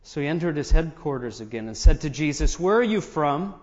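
Here the preacher sounds a little high yet darkish in tone, expressive and fairly quick. He reads scripture and comments on it between verses, and the recording is dull with a big hall's long reverb.

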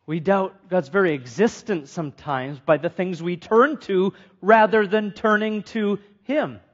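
High-voiced preacher, lo-fi sound. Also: male voice, a little slow. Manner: earnest, asks the congregation questions, repeats phrases for emphasis. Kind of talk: sermon. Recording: dull lo-fi sound.

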